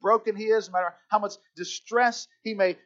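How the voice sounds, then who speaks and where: Dude playing a patient old preacher, quiet and gentle, dull muffled sound. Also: male voice, high-pitched, steady tone, fairly quick, pitched above the performer's own voice, lightly acted. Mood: calm teaching. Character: old male pastor, calm, patient teacher.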